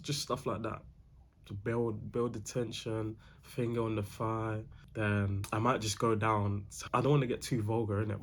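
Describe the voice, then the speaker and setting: Young guy, low-pitched, casual slangy advice host, faint room hiss behind. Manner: slangy, repeats himself, calls the viewer bro.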